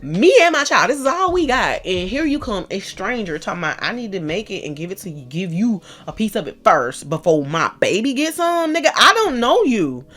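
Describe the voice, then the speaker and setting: A woman's voice: mid-range voice, big pitch swings, fairly quick, few pauses, a bit bright. A woman voicing a poor widow mother who talks back in blunt, sassy slang. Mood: indignant. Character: indignant poor widow mother, protective, street-talking.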